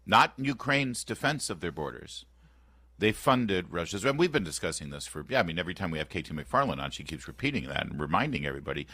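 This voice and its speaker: A man in his fifties hosting a radio talk show, chatting in an animated, opinionated and sarcastic way, often restarting his sentences. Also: low-pitched, quick pace, no room sound. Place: radio studio. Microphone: close studio microphone.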